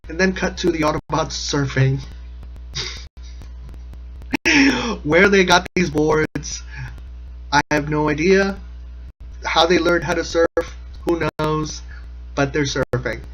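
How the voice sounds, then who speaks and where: Slightly high-voiced sarcastic man. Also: slow pace, pauses often, fairly bright tone, soft background music, rough recording. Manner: rambling, sarcastic, laughs often. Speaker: episode commentator. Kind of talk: casual comedic recap commentary.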